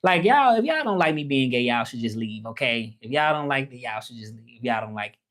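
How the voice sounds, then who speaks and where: Reading comments from viewers and speaking straight to them, this Southern US-accented livestreamer and language teacher keeps things casual. His mid-range voice is sing-song, a bit bright, and a little fast.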